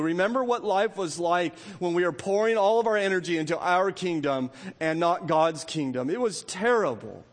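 A man delivers an impassioned sermon from the pulpit, his voice pitched high and climbing to emphatic peaks. A long reverb trails each phrase, as if he is filling a large church sanctuary. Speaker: pastor.

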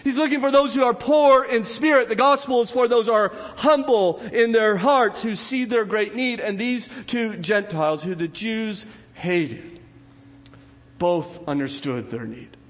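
A man preaching a sermon in a church, telling a story with acted quotes and his voice swinging high and low. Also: measured pace. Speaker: pastor. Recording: long hall reverb.

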